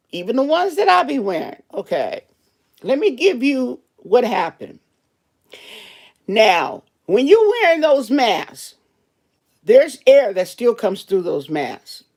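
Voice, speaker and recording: In a relaxed vlog, a woman who works as a cashier shares a story and addresses her viewers directly, lively and talkative. Her voice sits high.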